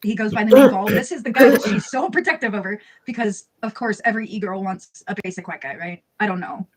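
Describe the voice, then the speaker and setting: A woman's voice: mid-range voice, quick pace, a little mellow. A woman narrating scripted commentary, reading out posts in a blunt, sarcastic tone and swearing freely. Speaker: video narrator.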